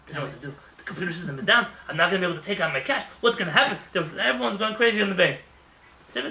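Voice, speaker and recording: A man rabbi giving a lively, joking sermon in a synagogue, acting out voices as he talks. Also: a little high, creaky, recorded from a distance, a little hiss or hum. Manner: animated, acts out voices, jokes with the congregation. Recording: roomy hall with faint ambience.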